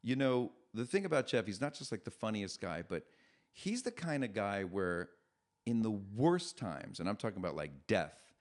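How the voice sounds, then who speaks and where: A middle-aged man, a comedian, talking as a podcast guest, with animated, self-deprecating storytelling. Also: lowish voice, moderate pace. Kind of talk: podcast conversation.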